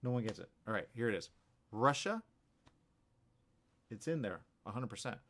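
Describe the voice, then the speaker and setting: A man hosting a radio morning show, talking casually in a rambling, animated way full of restarts and asides. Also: mid-range voice, moderate pace. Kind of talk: casual talk show monologue.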